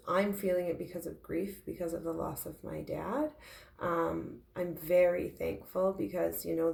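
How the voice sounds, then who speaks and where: A tearful woman speaks in a heartfelt, halting way in a personal confessional vlog. Her voice sits low and has a gravelly edge. The recording sounds roomy and echoey. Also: dark tone. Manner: heartfelt, halting, with frequent fillers. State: tearful, emotional. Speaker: intuitive medium sharing her grief.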